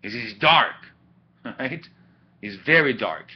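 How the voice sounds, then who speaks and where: A man teaching an ethics class in a chatty, animated way, with asides and laughs, recorded on a webcam. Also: medium pitch, slow pace, husky. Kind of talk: classroom lecture. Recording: dull lo-fi webcam audio.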